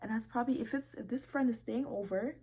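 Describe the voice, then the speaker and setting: A young woman hosting a casual vlog, reading posts aloud and reacting with animated disbelief and swearing. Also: on the high side, fast talker, slightly rough. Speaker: video creator.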